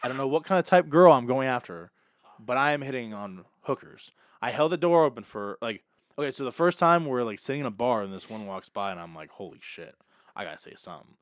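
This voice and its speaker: A young man co-hosting a podcast, telling an animated story and acting out the dialogue in casual chat. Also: mid-range voice, a little fast, no echo, studio quality. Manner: animated, acts out quoted dialogue. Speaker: podcast co-host.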